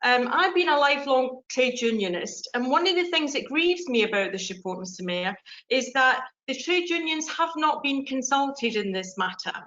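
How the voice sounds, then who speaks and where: A woman's voice: sits high, animated, normal speed, fairly bright tone. An English woman councillor making an earnest, pointed speech in a council debate, with frequent ums and restarts. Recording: dull lo-fi council chamber audio.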